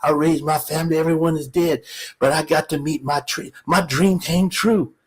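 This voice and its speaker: A man voicing a frail 98-year-old man who speaks softly and tenderly in a story he tells. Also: fairly high pitch, fairly even intonation, normal speed, pitched above the performer's own voice, natural voice. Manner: soft, hushed and tender.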